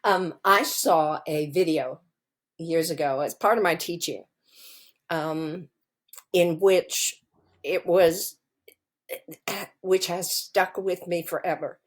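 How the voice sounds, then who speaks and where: A middle-aged woman co-hosting a podcast, talking casually and telling stories in a slow, thoughtful way. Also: lowish voice. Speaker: podcast co-host. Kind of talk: casual conversation.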